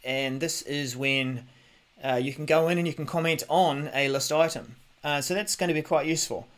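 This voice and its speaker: A man's voice: on the high side, normal speed, fairly bright tone. A man hosting a tech news podcast, talking casually into a podcast mic with lots of ums and restarts as he thinks aloud. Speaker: podcast host.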